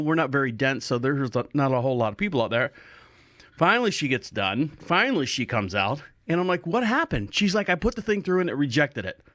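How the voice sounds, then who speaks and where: A man's voice: on the high side, fairly bright tone, no echo, studio quality. A man hosting a podcast, telling a rambling, jokey story in a casual monologue. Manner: rambling, jokey, self-mocking. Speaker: podcast host.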